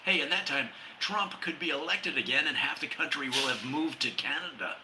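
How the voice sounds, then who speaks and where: A man hosting a humor podcast, reading his jokes and a comic essay, laughing at his own lines and jumping up in pitch for quoted characters. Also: normal speed, background noise.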